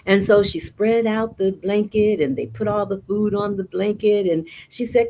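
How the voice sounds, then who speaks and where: A woman storyteller tells a tale expressively in an interview. She weaves Spanish words into her English in a mid-pitched voice. Faint noise sits behind her. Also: fairly even intonation, normal speed, few pauses, mellow, low-quality recording. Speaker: storyteller guest.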